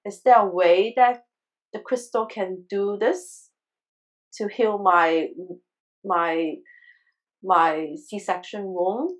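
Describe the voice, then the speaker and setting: A woman's voice: medium pitch, slow pace, pauses often, rough recording. A woman guest telling a personal story in a conversational interview, earnest and emotional, often restarting her sentences. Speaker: guest, crystal healer.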